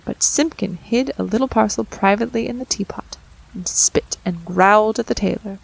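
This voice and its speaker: Gravelly-voiced woman reading a storybook. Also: medium pitch, low-quality recording. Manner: expressive, acts out voices and sounds. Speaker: audiobook narrator.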